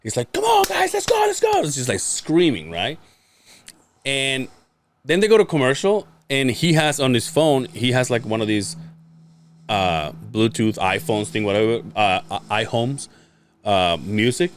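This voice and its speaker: A man's voice: medium pitch, animated, a little slow, a little hiss or hum. A man, a podcast co-host, telling a story in casual chat, acting out quotes, laughing and swearing freely.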